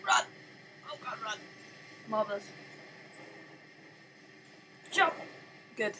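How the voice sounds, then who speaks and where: A woman's voice: a little high, lively intonation, very slow, noisy background. A woman doing let's play commentary, sarcastic and exasperated, egging on her game character. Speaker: gaming channel host.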